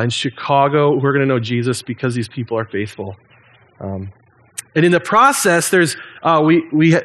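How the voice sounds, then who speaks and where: A pastor in his thirties delivers a sermon in a relaxed, conversational style, with frequent ums and restarts. His voice is medium-pitched.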